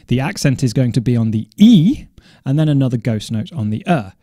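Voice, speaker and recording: A man teaching drum coordination in a measured, methodical way, now and then correcting himself as he explains. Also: medium pitch, sing-song, warm tone, dry recording, studio quality. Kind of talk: instructional explanation.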